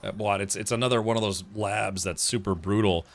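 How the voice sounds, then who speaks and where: A man's voice: on the low side, fairly even intonation, fairly quick. A man hosting a let's play stream, chatty and easily distracted while he plays. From United States. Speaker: streamer host.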